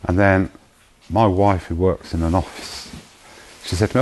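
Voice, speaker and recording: A man sharing a personal testimony in a slow, emotional storytelling manner. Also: low voice, steady tone, darkish tone, a little hiss or hum, low-quality recording. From United Kingdom. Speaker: charity founder giving testimony.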